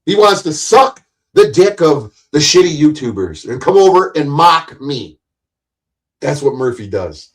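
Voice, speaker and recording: A man's voice: on the high side, very animated, a little slow. A man, hosting his own live stream and ranting at his audience in a profane, combative, mocking way. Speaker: livestream host.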